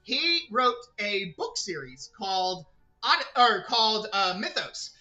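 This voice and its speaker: A man's voice: sits high, big pitch swings, takes it slowly, pushed and bright, dull audio, soft background music. A man streaming a video game, chatting casually with his viewers and rambling as he plays. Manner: rambling, chatty, talks to chat and to himself. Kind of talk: casual gaming livestream chat.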